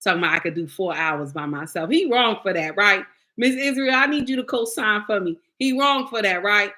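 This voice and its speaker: A woman's voice: mid-range voice, a little fast, pushed and bright. A woman hosting a casual livestream, chatting playfully with her viewers and calling them by name. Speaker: livestream host.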